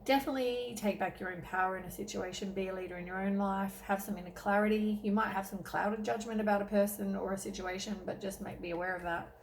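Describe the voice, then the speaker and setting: A woman's voice: mid-range voice, fairly even intonation, quick pace, gravelly, few pauses, a little hiss or hum, poor audio. Tired woman giving a chatty tarot reading. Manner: chatty, rambling, many "um"s and self-corrections. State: tired, keeps yawning. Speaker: tarot reader. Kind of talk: casual tarot reading to camera.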